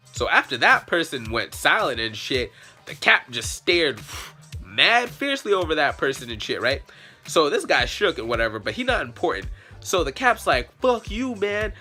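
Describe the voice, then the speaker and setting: Animated young man, bright, swearing. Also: fairly high pitch. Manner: profane, slangy and animated. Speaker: vlogger. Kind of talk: comic story retelling.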